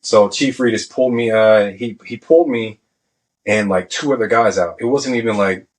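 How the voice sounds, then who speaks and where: Male Navy veteran guest, low-pitched, casual profane storyteller who acts out quotes. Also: normal speed, low-quality recording.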